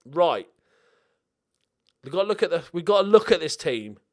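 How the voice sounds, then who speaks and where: A young man talks himself through a video game in excitable, sweary let's-play commentary. His voice sits slightly high for a man. It leaps around all over the place as he jokes and reacts. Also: moderate pace. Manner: excitable, sweary, jokey self-talk.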